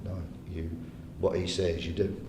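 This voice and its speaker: Deep creaky man telling stage stories. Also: level tone, unhurried. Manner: chatty anecdotes, acts out quoted players; laughs often while telling stories. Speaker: guest speaker. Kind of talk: live on-stage storytelling. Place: arts venue hall, live audience. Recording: echoey hall with faint rumble.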